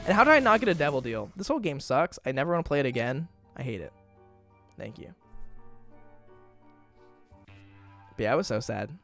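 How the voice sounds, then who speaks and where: Rambling young man with lively pitch. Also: moderate pace, vocal fry, pauses often, soft background music. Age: 20s. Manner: rambling storytelling with many fillers. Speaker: gaming YouTuber. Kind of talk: casual let's-play commentary.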